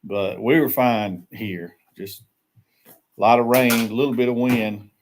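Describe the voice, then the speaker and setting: A man's voice: medium pitch, fairly even intonation, measured pace, noisy background. Guy doing a chill coffee chat stream, laughs a lot, says hey to folks. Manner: easygoing, laughs often, greets viewers by name. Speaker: livestream host. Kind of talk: casual morning chat. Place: small shed used as a tiny house.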